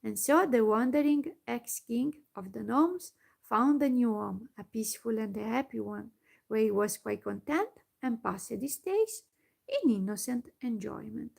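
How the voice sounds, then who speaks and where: A woman reading a storybook aloud in soft whispered storytelling, unhurried and sometimes stumbling on words. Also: fairly high pitch, animated, creaky. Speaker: ASMR storyteller.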